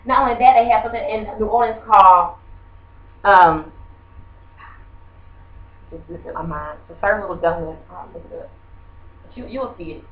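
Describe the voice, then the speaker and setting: A woman's voice: medium pitch, normal speed, pauses often. A woman teacher, giving a rambling, conversational classroom lesson and quizzing the class. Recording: muffled echoey room from far off.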